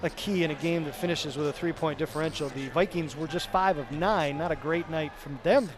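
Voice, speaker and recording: Speaking fairly quickly in a fairly high voice, a man doing play-by-play wraps up the game afterward. He lists player stats conversationally and often corrects himself.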